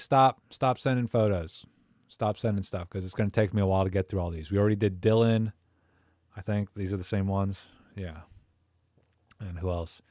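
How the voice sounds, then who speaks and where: Jokey guy rambling on a live stream, lowish voice, dead dry mic. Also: a little mellow, no room sound. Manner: rambling, jokey, reads chat comments aloud. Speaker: host of a live camera stream. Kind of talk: casual live-stream chat.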